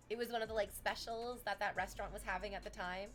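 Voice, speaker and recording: A young Canadian woman chatting casually on a livestream, telling stories in an animated way and swearing often. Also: medium pitch, quick pace, hardly any pauses, soft background music. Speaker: streamer chatting with chat.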